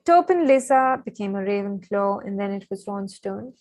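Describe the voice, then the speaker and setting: A young woman reads a novel to her stream audience. She is chatty and excitable and keeps breaking off with asides and apologies. Her voice is mid-pitched and the sound is close and dry. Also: moderate pace, dry recording, poor audio. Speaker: live-stream book reader. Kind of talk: reading a novel aloud on a live stream.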